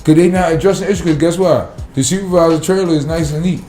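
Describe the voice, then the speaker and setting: A man's voice: a little high, fast talker, dark tone, reverberant. A man, a city sanitation worker talking bluntly and profanely in a casual podcast interview.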